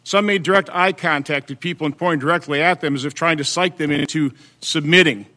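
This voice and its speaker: Brief: man, higher than most, bright, forceful tone, measured hearing-room reading with fillers. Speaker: senator at a hearing. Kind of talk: reading testimony into the record.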